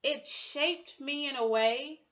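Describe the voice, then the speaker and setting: A woman in her thirties giving an emotional personal testimony, halting and full of fillers and restarts. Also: sits high, a bit bright, lo-fi sound. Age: 30s. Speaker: speaker sharing a personal testimony.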